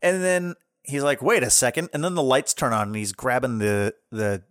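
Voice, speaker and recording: A man's voice: mid-range voice, moderate pace, clean tone, no echo, studio quality. A man co-hosting a podcast in casual chat, animatedly retelling scenes. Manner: animated retelling with playful quoted voices. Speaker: podcast co-host.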